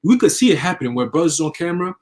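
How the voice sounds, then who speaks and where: Fast-talking man in animated religious chat. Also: fairly high pitch. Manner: animated storytelling, acting out imagined people. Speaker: religious discussion participant.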